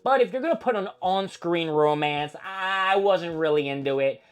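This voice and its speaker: A man hosting a show, recapping a wrestling feud in a casual, profane, animated storytelling manner. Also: sits high, moderate pace, clean tone. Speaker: host.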